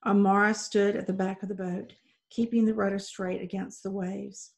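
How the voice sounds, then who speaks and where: A woman teacher reads a novel aloud to her seventh-grade class, rising and falling with the drama of the story. Her voice has a gravelly, creaky texture at a mid pitch. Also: moderate pace. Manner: expressive, dramatic read-aloud.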